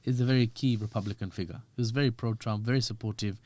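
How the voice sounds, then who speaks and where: Male guest, mid pitch, dry booth sound, chatty commentary that jokes and acts out voices. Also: fast, dry recording. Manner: animated, joking, acts out quoted voices. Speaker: podcast guest. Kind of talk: conversational political commentary.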